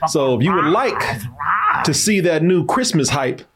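A man co-hosting a livestream in casual chat, animated and quick to laugh. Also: on the high side, a little hiss or hum. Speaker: stream co-host.

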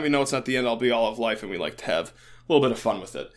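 A young man hosting a casual sports podcast over a call, excitable and jokey, laughing often. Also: medium pitch, very fast. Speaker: podcast host.

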